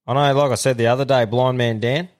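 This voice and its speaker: A man's voice: mid-range voice, steady tone, fast. Sweary laid-back man. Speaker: podcast co-host. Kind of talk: casual chat.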